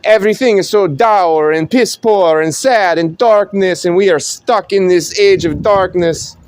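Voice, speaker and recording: A man's voice: sits high, a little slow, clean tone, pitched above the performer's own voice. A man putting on a fiery Italian clergyman. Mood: impassioned. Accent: mock Italian. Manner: exaggerated, impassioned.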